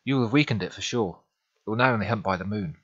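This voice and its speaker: A man's voice: lowish voice, fast, breathy edge, muffled recording. A man voicing a stern old grandmother witch who speaks sharply and with command, in a narrated storybook.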